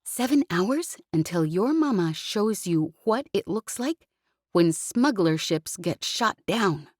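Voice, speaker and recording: A woman's voice: mid-range voice, very animated, unhurried, darkish tone, dry recording, studio quality, voice pushed up. A woman reading the part of a brash, protective female smuggler pilot in an audiobook, cocky and snapping.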